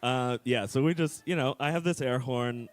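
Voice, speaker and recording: A man's voice: mid-range voice, normal speed, smooth, no echo. A man guesting on a live comedy podcast on stage, nervous and hesitant, giggling between words. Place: live theater stage with audience.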